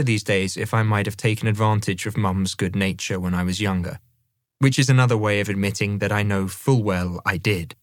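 Man, audiobook narrator, memoir, conversational, measured, slightly low voice, dead dry studio. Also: steady tone, dry recording. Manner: measured, conversational first-person reading.

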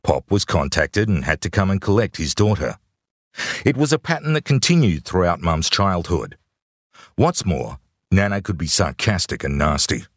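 A man's voice: deep voice, big pitch swings, moderate pace, dry recording, clean studio sound. A man reading his own memoir aloud in a wry, conversational storytelling manner. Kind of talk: audiobook memoir narration.

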